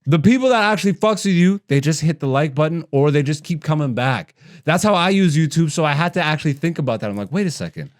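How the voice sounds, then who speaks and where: A man in his thirties hosting a comedy podcast, ranting with heavy profanity and mockery, dropping to low mutters and rising to loud animated bursts. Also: fast talker. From Ethiopian heritage.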